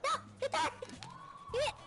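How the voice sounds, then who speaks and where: An excitable player in casual game chat, yelling at a game demon over a game mic. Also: normal speed. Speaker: gamer. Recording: loud game music behind.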